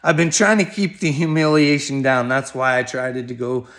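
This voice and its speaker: In a rambling direct-to-camera monologue aimed at another creator, a middle-aged video blogger swears a lot and laughs between phrases. He talks at normal speed in a mid-range, level, slightly bright voice.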